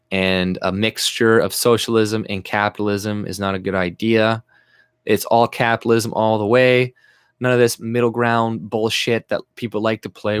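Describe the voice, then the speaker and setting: A man's voice: lowish voice, clear, resonant tone, no room sound, clean studio sound. A man hosting a casual livestream rant, talking bluntly, swearing and laughing often. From Canada. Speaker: livestream host.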